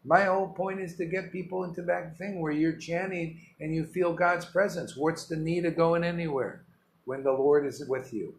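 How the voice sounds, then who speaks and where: A man's voice: a little high, fairly even intonation, moderate pace, a little hiss or hum. Emphatic man giving a rambling devotional talk. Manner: emphatic, rambling, full of rhetorical questions. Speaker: spiritual teacher. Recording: roomy echo with faint ambience.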